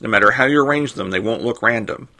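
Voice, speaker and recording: A man hosting a podcast, reading a scripted explanation in a clear, measured way. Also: medium pitch, pushed and bright. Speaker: podcast host. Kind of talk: scripted narration.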